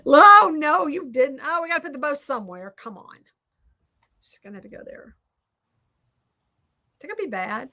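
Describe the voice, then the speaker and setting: A Southern American woman hosting, chatting casually and rambling while she crafts, quick to poke fun at herself. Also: high voice, sing-song, sharp tone. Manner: chatty, rambling, self-deprecating. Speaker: host.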